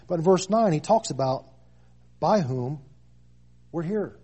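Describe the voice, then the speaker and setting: A husky, mellow-toned man in his thirties delivers a sermon. He leans hard into key phrases, repeating them for weight, and sits a little higher in pitch than most men. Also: animated, normal speed. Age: 30s. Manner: preaching with rising emphatic stresses and repeated phrases. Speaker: preacher.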